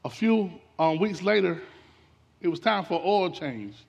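A man delivers a storytelling sermon from the pulpit, his voice pitched high with a gravelly edge. He addresses the congregation directly, speeding up and slowing down for effect. The sound carries a long church reverb. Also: muffled recording. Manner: animated storytelling with sudden swings in pace and loudness. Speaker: preacher. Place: church sanctuary.

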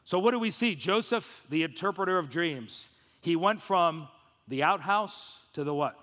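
A man's voice: fairly high pitch, lively intonation, moderate pace, fairly bright tone. A man preaching an expository sermon with emphatic delivery and rhetorical questions. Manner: emphatic, rhetorical questions, acts out quoted voices. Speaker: pastor. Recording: reverberant hall.

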